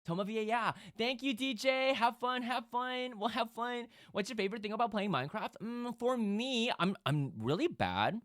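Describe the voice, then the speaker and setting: A male streamer chats casually with his chat, with a bright voice that swings widely in pitch. He talks in a lively, animated way and often breaks into loud laughter. The sound is dry and close. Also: normal speed, few pauses, no echo.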